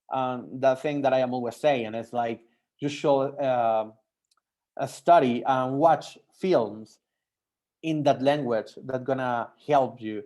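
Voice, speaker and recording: A young man from Mexico with a Mexican accent, a French teacher whose first language is not English, giving a personal talk to language learners in halting English full of restarts and fillers. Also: mid-range voice, darkish tone. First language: Spanish.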